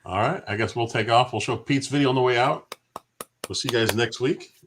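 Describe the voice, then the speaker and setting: A man co-hosting a casual gaming stream chat, easygoing and relaxed. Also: mid-range voice, a little fast, a little hiss or hum. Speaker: co-host.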